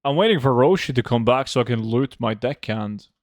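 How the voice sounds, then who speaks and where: A man's voice: mid-range voice, lively intonation, brisk, dry recording, clean studio sound. A man streaming a game, chatting casually with viewers, joking, swearing freely and humming to himself between remarks. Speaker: gold-farming game streamer. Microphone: desk microphone.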